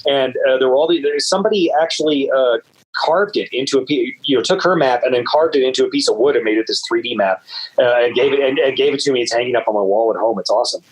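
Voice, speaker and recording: A man guest on an interview show, telling stories in a loose, rambling way with many "uh"s and repeated words, and lively jumps in pitch when he quotes people. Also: fast, breathy edge, low-quality recording. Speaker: guest author. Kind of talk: casual interview storytelling.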